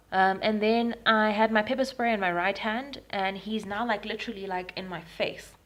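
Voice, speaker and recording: A woman's voice: medium pitch, a bit bright. A young Zimbabwean woman recording a personal video diary at home, retelling events frankly with frequent ums. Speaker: vlogger. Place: at home in Harare.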